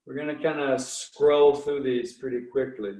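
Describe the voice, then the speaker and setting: A man leading guided breathing and meditation exercises, counting breaths slowly and calmly with frequent restarts. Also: medium pitch, echoey room, recorded from a distance, low-quality recording.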